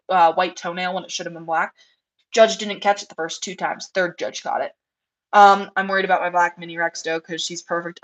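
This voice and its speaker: A woman's voice: mid-range voice, a bit bright. A young American woman chatting casually on a livestream through a headset, rambling with lots of fillers and asides. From United States. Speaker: livestream host, rabbit breeder.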